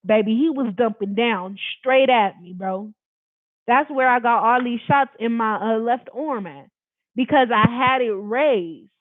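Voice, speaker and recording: Long beach storyteller talking to camera, loud and animated, lots of slang and cussing, thin tinny sound, dead dry. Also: mid-range voice, measured pace, no echo. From Long Beach, California. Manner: animated, emphatic, slangy and profane, addressing viewers directly. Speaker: storyteller recounting a personal experience. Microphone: camera facing the speaker.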